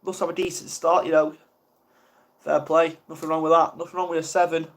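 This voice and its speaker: A man's voice: on the high side, little pitch movement, fairly quick, fairly bright tone. A young man from the UK chatting casually on a live stream, flustered and rambling, mocking himself as he goes. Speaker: ASMR livestreamer.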